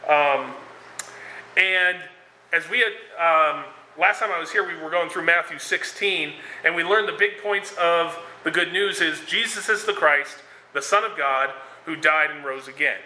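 A man preaches in a relaxed, conversational way, often pausing on fillers and restarting his sentences. His voice sits a little high and rings very bright and sharp. The room around him is echoey, with faint ambient noise. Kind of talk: sermon.

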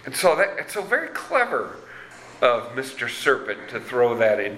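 A man preaching a sermon as pastor, slow and deliberate, reading scripture with dramatic emphasis. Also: mid-range voice, sing-song, pushed and bright. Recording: roomy echo.

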